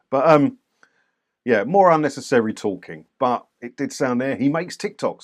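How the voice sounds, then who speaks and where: A man giving casual, wry commentary on video clips, dismissive of unnecessary arguing. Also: medium pitch. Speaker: commentator reviewing doorstep clips.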